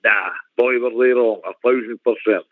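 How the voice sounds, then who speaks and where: A man's voice: medium pitch, steady tone, moderate pace, dry recording. A man in his forties calling into a radio show, ecstatic and punchy. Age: 40s. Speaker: caller. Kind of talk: casual phone-in chat. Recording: tinny phone line.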